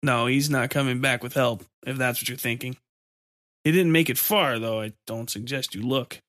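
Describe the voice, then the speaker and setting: A man voicing a resigned, fatalistic man who talks slowly and drops Spanish curses. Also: mid-range voice, a bit bright, dry recording, studio quality, lightly acted. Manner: slow, resigned, occasionally cursing in Spanish.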